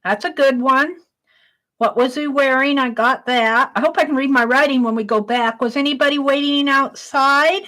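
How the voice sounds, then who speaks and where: A woman hosting an art livestream, slowly reading out her viewers' questions one by one and praising them as she writes them down. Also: high voice, fairly even intonation, a bit bright. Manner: slow, reads out each viewer question and praises it.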